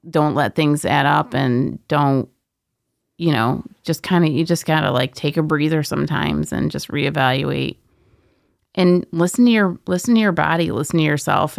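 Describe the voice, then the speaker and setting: A woman co-hosting a recovery podcast, telling a personal story in an animated, casual way and laughing through her words. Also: deep voice, gravelly, no echo, studio quality. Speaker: podcast co-host.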